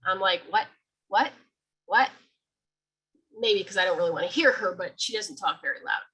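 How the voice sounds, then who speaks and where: A woman speaks to a library audience in a loose, conversational way, now and then acting out sounds as she describes them. Her voice is somewhat husky and sits in a middle range for a woman. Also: mid-range voice, low-quality recording. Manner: chatty, animated, acts out sounds. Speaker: medium giving a talk. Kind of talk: informal library talk.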